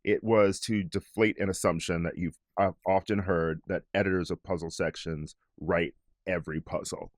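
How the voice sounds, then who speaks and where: A man hosting an interview, asking curious questions in a relaxed, conversational way. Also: deep voice, normal speed, dry recording, studio quality. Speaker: podcast host.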